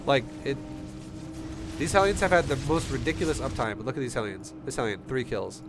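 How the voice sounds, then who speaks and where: A fairly quick, medium-pitched man coaches a player through a game replay on a casual stream, sounding blunt and heated and swearing plenty. He's a StarCraft coach with a runny nose, and the background is noisy with music beneath.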